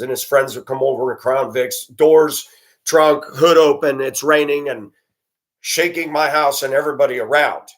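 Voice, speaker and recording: A man's voice: medium pitch, fairly bright tone. Indignant male vlogger, profane ranting monologue at a computer. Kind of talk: angry monologue to camera.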